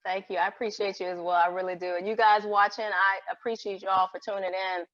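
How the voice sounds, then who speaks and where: A woman's voice: mid-range voice, level tone, quick pace, a bit bright. A woman in her forties, a vegan cook talking casually as a podcast guest, effusive and eager to promote herself. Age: 40s. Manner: effusive, plugs her social media. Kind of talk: casual chat. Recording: dull, dry, lo-fi sound.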